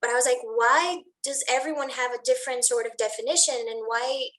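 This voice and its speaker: A woman's voice: high-pitched, steady tone, brisk, a bit bright, poor audio. A woman hosting an interview, talking in a chatty, hesitant way with lots of fillers. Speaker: host. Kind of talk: casual interview chat.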